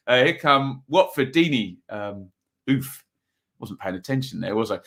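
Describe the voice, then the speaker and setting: Man, live stream host, bright voice, casual football chat, rambling with fillers, reads out viewer comments. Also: mid-range voice, animated, unhurried. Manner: chatty, reads out viewer comments between match updates; loose and rambling with many fillers.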